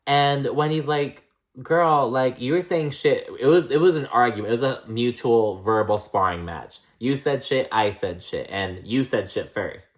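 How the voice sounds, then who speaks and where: A man's voice: medium pitch, moderate pace, few pauses. Swearing, chatty recap vlogger guy. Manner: blunt, swears freely, says 'like' a lot. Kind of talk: casual reality-show recap.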